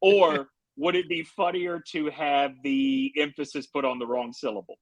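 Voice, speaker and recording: A man's voice: on the high side, steady tone, moderate pace, no room sound, rough recording. Playful man riffing on a podcast. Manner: playful, laughing, riffs on jokes. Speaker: podcast co-host. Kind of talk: casual chat.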